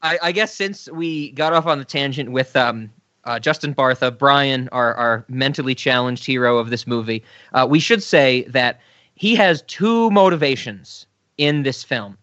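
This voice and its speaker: Bright, laughing male podcast host. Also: mid-range voice, unhurried, no echo, muffled recording. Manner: laughing, joking, rambling. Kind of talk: casual chat.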